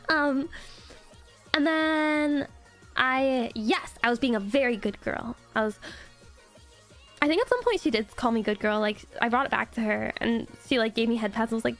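High-pitched girl vtuber giggling and gushing to chat, casual stream talk, bit of music in the back. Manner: giggly, gushing storytelling with frequent laughs.

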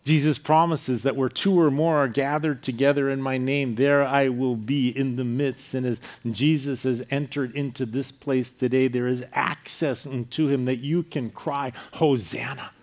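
An earnest male pastor delivering a sermon at a middle pitch. His phrases often sink into a quiet, hushed finish as he presses his point. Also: steady tone, moderate pace, few pauses. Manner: earnest preaching with softer dropping phrase endings.

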